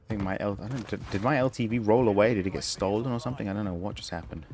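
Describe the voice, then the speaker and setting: A young man streams a shooter game, musing in a wry, rambling way. His voice sits on the low side, and game sounds and noise run clearly under it. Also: racing, darkish tone. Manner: wry, rambling, self-amused. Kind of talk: casual gameplay commentary.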